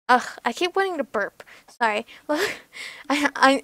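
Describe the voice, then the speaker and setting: A woman's voice: on the high side, lively intonation, moderate pace, vocal fry, sharp tone, no echo. A woman hosting a let's play, reading a visual novel aloud with nervous, giggly, swearing reactions.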